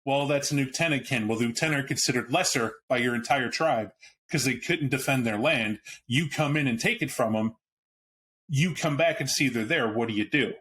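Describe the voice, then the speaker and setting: Fairly quick and fairly bright, this podcast host's mid-range voice comes through with slight background noise. He talks casually and bluntly about a tabletop game book, swearing now and then and starting sentences over as he figures out what to say.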